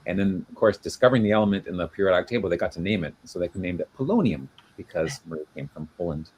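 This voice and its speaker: A man's voice: sits low, animated, quick pace, darkish tone, slightly rough. A man co-hosting a casual video-call chat, explaining at length with many fillers and restarts. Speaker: genealogy show co-host.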